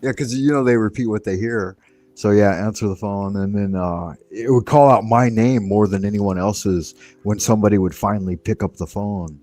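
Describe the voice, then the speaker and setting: Male stream host, low voice, laid-back storyteller, casual swearing. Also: moderate pace, warm tone, dry recording. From United States. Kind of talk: casual chat.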